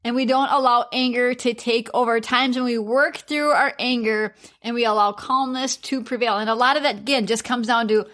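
Woman, high-pitched, open and easy-laughing co-host of a faith marriage podcast. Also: steady tone, normal speed, hardly any pauses. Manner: warm, open, laughs easily.

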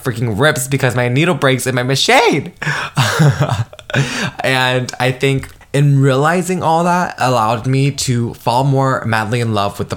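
A young man in his twenties hosting his own podcast, gushing with feeling and swearing freely as he talks straight to his listeners. His voice sits at an ordinary middle pitch but jumps up whenever he gets excited. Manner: emotional, effusive, swears freely; animated, jumps higher when excited. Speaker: podcast host. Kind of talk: solo motivational podcast monologue.

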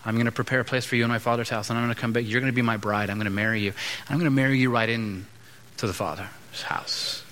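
Bright-voiced preacher in a reverberant hall. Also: male voice, medium pitch, fairly even intonation. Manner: conversational preaching with quick acted-out asides. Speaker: pastor. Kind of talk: sermon.

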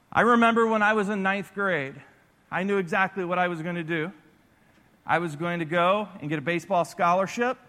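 A man preaching a sermon through animated personal stories. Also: fairly high pitch. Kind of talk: storytelling sermon. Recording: echoey large hall.

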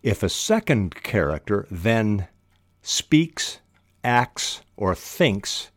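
Deep-voiced older man teaching writing. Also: very animated, dry recording, studio quality. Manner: unhurried, with hesitant restarts and fillers. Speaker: podcast host teaching fiction writing. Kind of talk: instructional talk on writing.

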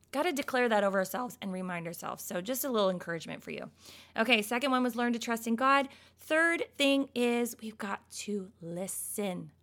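A woman giving a casual Christian devotional talk, expressive and emphatic, swinging between loud bursts and soft, quiet stretches. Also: fairly high pitch.

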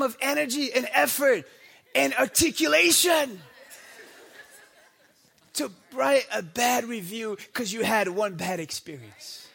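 A man from the United States preaching a sermon in church with impassioned shouting and rhetorical questions. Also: very high voice, slow, vocal fry, pauses often, breathy edge, some chatter behind. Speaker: pastor. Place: church before a congregation.

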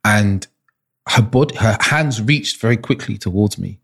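A man's voice: fairly low pitch, measured pace, gravelly, a bit bright, husky. A man being interviewed as an intimacy coach, telling personal stories earnestly and restarting often. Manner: earnest, searching, frequent restarts.

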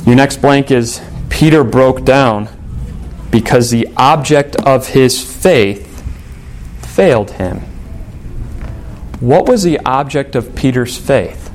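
A man's voice: mid-range voice, expressive, slow pace, pauses often, darkish tone, a little hiss or hum. Storytelling male pastor preaching. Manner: conversational storytelling preacher, acts out quoted voices. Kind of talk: sermon.

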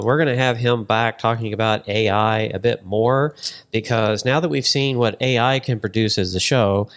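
A man hosting a podcast in casual chat, rambling and joking, often trailing off mid-sentence. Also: fairly low pitch. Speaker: podcast host.

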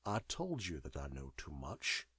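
A man voicing a detached, knowing man who speaks in a measured, wry way. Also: extremely low pitch, huge pitch swings, sharp tone, breathy edge, no echo, studio quality, pitched below the performer's own voice, exaggerated voice. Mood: calm. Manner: measured, wry, world-weary.

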